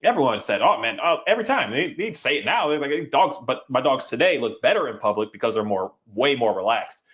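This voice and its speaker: A man talking casually about his own dogs, animated, often restarting sentences and acting out what people said. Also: mid-range voice, quick pace, hardly any pauses. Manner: animated storytelling with many restarts and acted quotes. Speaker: guest dog owner. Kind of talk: casual conversation.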